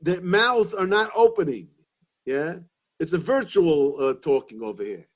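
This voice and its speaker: A man giving a Talmudic lesson, reasoning aloud in halting, repeated phrases. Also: on the high side, very animated. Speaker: Torah class teacher. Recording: dull lo-fi sound.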